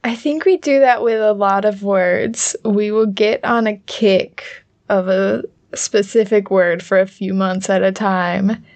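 A woman with a Utah accent co-hosting a podcast, chatting in a quick, animated and playful way. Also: mid-range voice. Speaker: podcast co-host. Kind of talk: casual chat.

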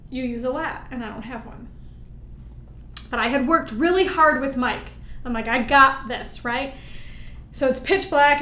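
A woman guest, a military veteran, telling her story in an animated, emphatic way and often checking in with "right?". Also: sits high, slight background noise. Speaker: interview guest, military veteran and Paralympic-style powerlifter. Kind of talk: storytelling in conversation. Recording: roomy echo.

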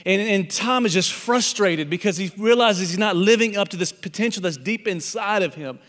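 A man's voice: high voice, moderate pace, fairly bright tone, long reverb tail. A man preaching a sermon, telling a parable as a pastor and acting out the animal characters in it.

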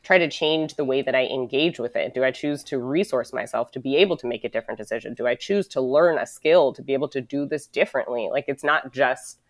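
A woman's voice: extremely low pitch, brisk, few pauses, dry recording. Rambling, reflective woman from the US. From United States. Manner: rambling, heavy on "like", swears casually. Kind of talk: casual reflective conversation.

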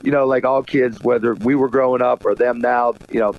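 A man's voice: medium pitch, steady tone, brisk. A man being interviewed, telling a long, rambling story with lots of "you know", in casual chat. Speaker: guest. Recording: dull lo-fi line with faint noise.

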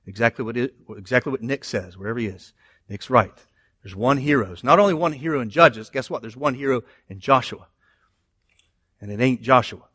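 A man preaching a sermon in an animated way, moving between loud emphasis and quiet asides. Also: mid-range voice, fairly quick, breathy edge, no echo. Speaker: pastor.

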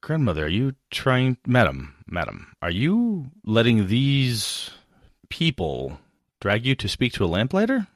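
A man playing a stammering, fawning gentleman. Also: mid-range voice, huge pitch swings, measured pace, dry recording, clean studio sound. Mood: eager. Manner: stammering, over-polite. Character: flustered, fawning gentleman smitten with an old lady.

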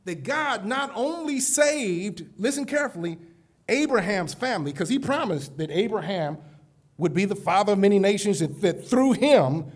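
A man preaching a keynote sermon to a live conference audience, emphatic and direct, moving from hushed asides to loud calls. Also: high-pitched. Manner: addresses the audience directly, repeating "listen carefully".

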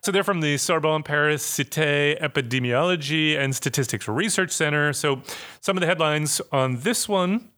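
A man hosting a podcast in a casual, chatty way, joking with his co-hosts and making quick asides. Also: a little high, bright, forceful tone. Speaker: podcast host.

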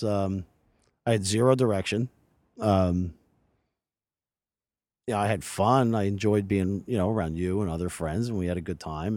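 A man in his forties speaks in a low, dry voice with no room sound around it. He talks earnestly and rambles, restarting his sentences as he goes. This is a casual interview recorded outdoors beside a lake. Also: mellow, no room sound. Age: 40s. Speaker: podcast guest.

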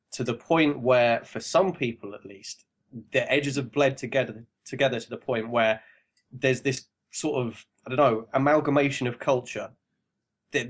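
An English man chatting casually on a podcast, his pitch right in the ordinary middle range for a man. He rambles along at an easy pace and now and then laughs as he talks. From England. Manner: relaxed, rambling, laughs while talking. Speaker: podcast guest. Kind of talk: casual chat.

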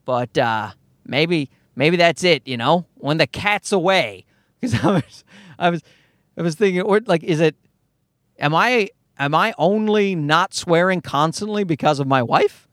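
A man's voice: on the high side, lively intonation, unhurried, fairly bright tone, no room sound, clean studio sound. A man hosting a comedy podcast, ranting in a worked-up way and swearing freely. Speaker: podcast host.

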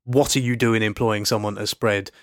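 A man's voice: on the low side, fairly even intonation, normal speed, no echo, clean studio sound. A man co-hosting a podcast in comic casual chat, rambling into absurd tangents. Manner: rambling, absurd, hesitant with fillers. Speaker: podcast co-host.

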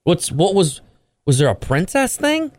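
A man's voice: high voice, unhurried, no echo. A man co-hosting a morning radio show, joking around and riffing in casual banter. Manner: jokey, animated, cracks bits.

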